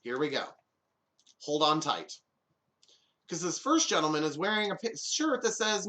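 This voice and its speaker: Man host, solo comedic commentary, sarcastic quips, lively bouncing pitch, slightly high voice. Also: normal speed, pauses often. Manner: jokey, sarcastic asides. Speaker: podcast host.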